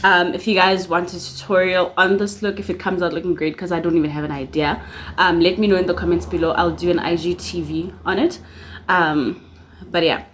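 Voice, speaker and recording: A woman's voice: on the low side, brisk, slight background noise. Chatty young woman vlogger. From South Africa. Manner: chatty and lively, full of fillers and asides. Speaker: YouTuber. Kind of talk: casual series recap vlog. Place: at home at her makeup mirror.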